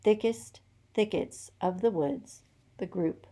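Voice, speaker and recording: A woman teacher reading a children's picture book aloud with lively, rhythmic storytelling. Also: mid-range voice, slow pace.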